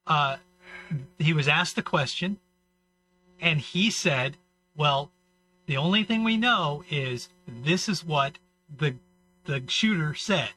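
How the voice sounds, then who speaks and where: A man's voice: high-pitched, bright, forceful tone, low-quality recording. A man co-hosting a casual talk show, rambling through stories and acting out the people he quotes. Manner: rambling storyteller, acts out quotes. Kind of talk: casual banter.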